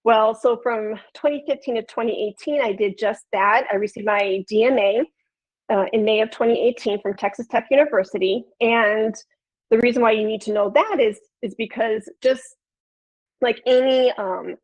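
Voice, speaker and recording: A woman's voice: fairly high pitch, moderate pace. Nasal Chicago-accented woman presenter. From Chicago, USA. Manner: upbeat, conversational, addresses audience directly. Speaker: podcast producer and flutist presenter. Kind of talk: webinar presentation. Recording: lo-fi video call audio.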